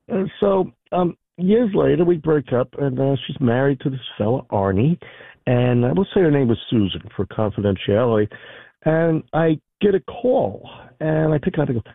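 A man phones in to a talk radio show and tells his story animatedly, putting on voices for the people in it. His voice is mid-pitched, and it comes through a thin, tinny phone line. The sound is dry and close. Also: fairly quick, vocal fry, breathy edge, dry recording. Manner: chatty, lively, acts out other people's lines with chuckles. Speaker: caller. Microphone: telephone.

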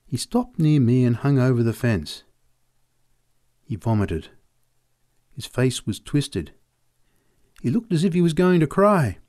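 A man reading short stories aloud as narrator, with an expressive, varied storytelling delivery. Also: mid-range voice, measured pace, pauses often, dry recording, clean studio sound.

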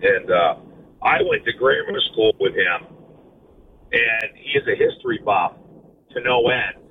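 A man's voice: on the low side, animated, a little slow. A man from Maine calling in to a radio show, speaking in a blunt, matter-of-fact way. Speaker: caller. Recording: phone line with faint noise.

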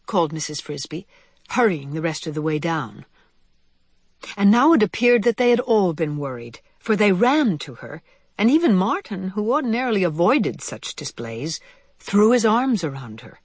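A woman narrating a children's storybook aloud in a measured, expressive way. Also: fairly low pitch, husky, no echo. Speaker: reader.

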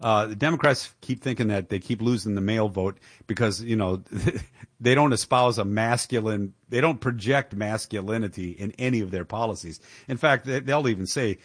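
A man's voice: on the low side, normal speed, breathy edge, no room sound. Indignant male talk radio host, dry sound. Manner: indignant, emphatic, with chuckles. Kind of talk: political talk radio commentary.

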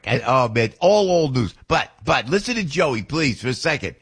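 A man's voice: medium pitch, expressive, normal speed, gravelly, a bit bright, husky. A man hosting a talk show, rambling in a chatty, casual way with lots of fillers and asides. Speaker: radio talk host. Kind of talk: casual monologue.

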